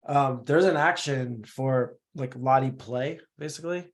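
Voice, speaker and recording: A man on a video call casually walking through a screen-share tutorial, explaining step by step with small halts and restarts. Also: mid-range voice. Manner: casual, explanatory, a bit halting. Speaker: no-code platform expert demonstrating.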